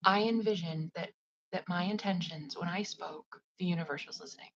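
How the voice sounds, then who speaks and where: A woman, a psychic medium, talking casually on a livestream in a soft, often half-whispered voice, rambling with lots of fillers. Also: on the low side, fairly quick, lo-fi sound, crowd noise. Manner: loose, rambling with many "like" fillers. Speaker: psychic medium and spiritual advisor.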